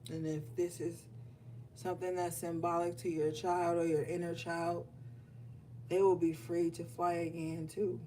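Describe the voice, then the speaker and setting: A tarot reader speaks directly to her viewers in an emotional, affirming spiritual reading. Her voice is lowish and mellow, with a level tone and measured pace. The mic is distant, picking up faint room noise.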